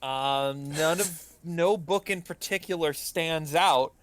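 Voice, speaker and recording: Smooth-voiced male game master, hesitant. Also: fairly high pitch, takes it slowly. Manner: hesitant, full of ums and uhs. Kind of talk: narrating a tabletop game.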